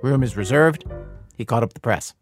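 A man hosts a public radio documentary program in scripted narration. His delivery is conversational and dry, at a middle pitch, with faint guitar music playing under him. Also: animated, brisk. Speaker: radio show host.

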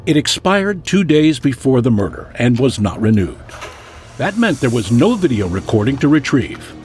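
A man narrating a true-crime news story with a dramatic, measured delivery. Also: mid-range voice, sing-song, a little mellow, faint music behind.

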